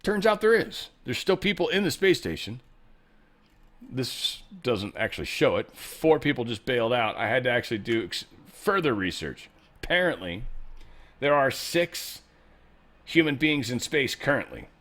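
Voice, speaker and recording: A man's voice: mid-range voice, big pitch swings, normal speed, fairly bright tone. A man hosting a show, giving a casual news commentary monologue in an irreverent, joking and often profane way. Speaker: show host.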